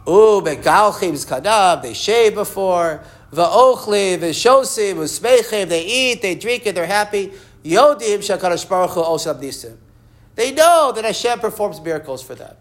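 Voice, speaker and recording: A man's voice: high-pitched, lively intonation, normal speed. A man teaching a Torah class, with a voice that sits a little above the usual male range. He reads Hebrew and Aramaic sources aloud and explains them line by line in a loose, conversational way. He often restarts and repeats words mid-sentence.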